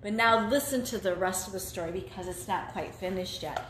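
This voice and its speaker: A woman's voice: mid-range voice, fairly quick, fairly bright tone, a little hiss or hum. A woman co-hosting a children's church lesson, telling the story in an encouraging way. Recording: echoey room, phone camera.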